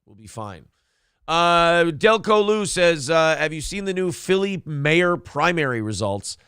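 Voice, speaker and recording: A man runs a casual live-stream morning show, joking and rambling as he reads viewer comments aloud. His voice sits a little high and comes through smooth and resonant. The sound is dry and close, with no room echo. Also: big pitch swings, measured pace, fairly bright tone. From Minnesota. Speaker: show host.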